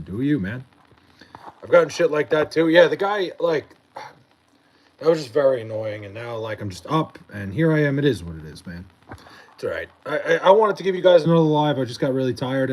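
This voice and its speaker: A man's voice: mid-range voice, darkish tone, rough recording. Young guy, worn out and irritated, casual rambling livestream talk with plenty of swearing; faint hiss behind. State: tired, just woken up. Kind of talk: late-night casual livestream rant. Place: bedroom at night.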